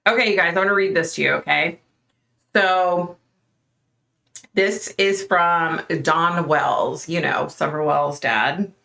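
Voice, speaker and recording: A woman's voice: lowish voice, takes it slowly, gravelly, bright, forceful tone. A middle-aged woman hosting a casual livestream, chatting with viewers by name and talking with a skeptical edge. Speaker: livestream host.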